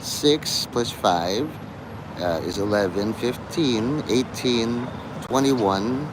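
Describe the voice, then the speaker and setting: Man, live-streamer, rambling, dark deadpan jokes, outdoors, clear traffic noise behind. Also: medium pitch, takes it slowly. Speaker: livestreamer talking to chat. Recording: street noise in the background.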